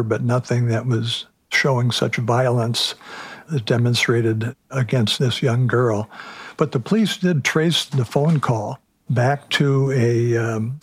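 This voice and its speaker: A man, a prosecutor, recounting the facts of a case in a measured, factual way. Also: mid-range voice, husky, no room sound. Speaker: prosecutor guest. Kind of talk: casual retelling of a case.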